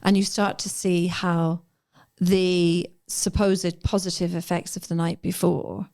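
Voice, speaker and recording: A middle-aged woman from England who was raised in Ireland appears as a podcast guest, speaking frankly and reflectively in a candid conversation and acting out her own past thoughts. Her lowish voice is level, slow, and a little mellow.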